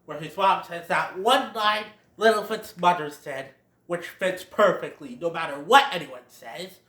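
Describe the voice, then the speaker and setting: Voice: medium pitch, a little slow, fairly bright tone, roomy sound. A film reviewer retelling a plot in a casual, chatty way, laughing along. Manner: chatty, laughs at own jokes.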